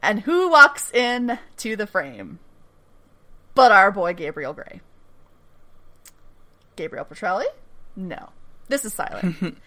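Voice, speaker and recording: A woman's voice: mid-range voice, takes it slowly, long pauses. Woman animatedly recapping a show. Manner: animated storytelling, swears freely, laughs often. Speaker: podcast host recapping a TV episode. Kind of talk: casual chat.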